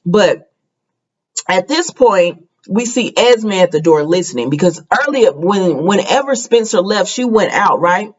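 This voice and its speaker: A woman's voice: medium pitch, expressive, a little slow, muffled recording. A woman casually recapping a soap opera episode in a chatty, gossipy way, full of fillers.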